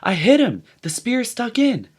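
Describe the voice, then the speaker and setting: A man's voice: mid-range voice, big pitch swings, moderate pace, slightly rough, voice pushed up. A man reading a novel aloud, voicing an eager, boastful schoolboy who keeps pressing his claim. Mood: excited, insistent. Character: excited boastful English schoolboy, boy leader. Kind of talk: audiobook reading.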